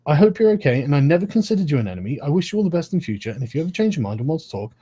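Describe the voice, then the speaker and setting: On a live stream, a man in his thirties argues in a high, very animated voice whose pitch swings all over. His tone is dark and slightly husky, and he rants fast and heatedly, swearing a lot and repeatedly breaking off his own sentences.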